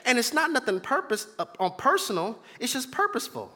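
A man's voice: very high voice, big pitch swings, a little fast, pushed and bright, big-room sound. A man preaching a sermon as pastor in a church, emphatic and repetitive, calling out to the congregation. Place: church sanctuary.

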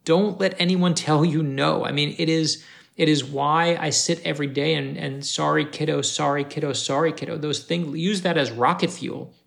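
A man's voice: on the high side, moderate pace, creaky. A man from Florida, an author being interviewed, giving emphatic advice, repeating key phrases for punch and acting out the dialogue in his stories. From North Miami Beach, Florida. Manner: animated storyteller acting out dialogue. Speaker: author guest. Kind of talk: motivational interview talk.

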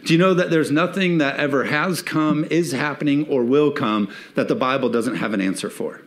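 Man, pastor, lively sermon, jokes, acted-out everyday scenes, medium pitch. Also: normal speed. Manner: lively, joking, acts out little quoted scenes.

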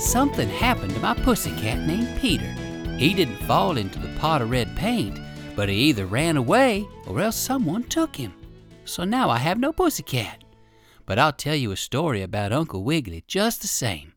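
A storyteller reading a children's story aloud, with a lively, playful manner and asides to the listener. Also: medium pitch, normal speed, music in the background.

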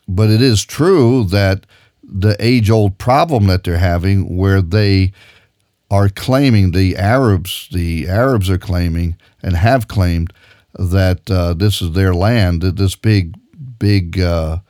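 A man's voice: deep voice, slow, a little mellow, dry recording, studio quality. A man preaching a sermon with emphatic, insistent delivery, reading scripture aloud and explaining it.

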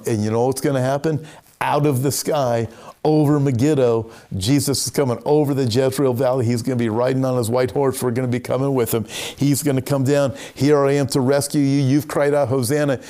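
A man preaching a sermon, emphatic, lifting his voice on quoted lines and slowing down to stress key words. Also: dark tone. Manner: emphatic, rises in pitch for scripture quotes, slows to stress words. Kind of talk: sermon on prophecy.

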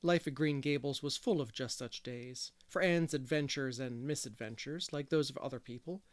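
Brief: male audiobook reader, mid-pitched, plain and candid, chatty between passages. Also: moderate pace. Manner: candid, self-deprecating asides. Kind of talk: storybook narration with asides.

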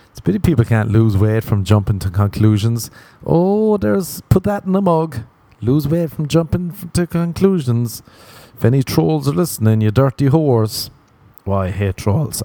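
Crude rambling comedian, low voice. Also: male voice, warm tone, no echo. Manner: self-mocking, crude, rambling asides. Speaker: comedian, podcast host. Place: city in the western US.

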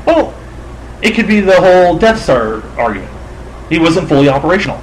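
A man's voice: a little high, big pitch swings, brisk, a little hiss or hum, poor audio. A man in casual movie-talk banter, dry and joking as he needles his co-host.

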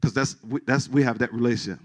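A middle-aged pastor preaches a sermon with animated, emphatic energy, restarting and repeating words and joking with his congregation. He speaks quickly in a mid-range voice.

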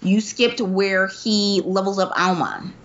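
A woman chatting casually as co-host, jumping in to correct or fill in details of the story. Her voice sits at a middle pitch. The recording sounds dull and lo-fi. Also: fairly even intonation, takes it slowly, fairly bright tone. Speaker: podcast co-host. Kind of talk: casual chat. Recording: dull lo-fi audio.

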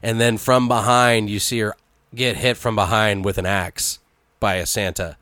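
A man riffing on a film plot in loose, casual talk, full of swearing and quick acted-out lines. His voice is bright and forward, and the recording is dry and close. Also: lowish voice, no echo. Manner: animated, swearing, acts out bits of dialogue. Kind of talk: casual brainstorming chat.

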